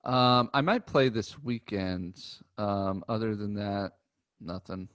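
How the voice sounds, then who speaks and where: A man co-hosting a golf podcast, talking in a relaxed, chatty way with frequent ums. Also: fairly low pitch, slow. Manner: relaxed, chatty, says um often. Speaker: podcast co-host. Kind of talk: casual chat.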